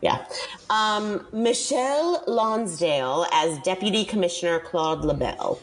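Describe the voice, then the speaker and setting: Animated woman with a low, lively voice. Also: measured pace. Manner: animated, laughs often, acts out her reactions. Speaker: podcast co-host. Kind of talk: casual film review chat.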